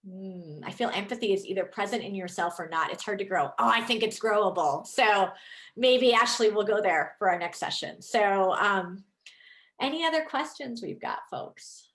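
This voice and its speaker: A woman's voice: mid-range voice, normal speed. A woman in her thirties, a leadership coach, giving an enthusiastic, chatty online presentation over a video call. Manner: lively, enthusiastic, chatty with many fillers.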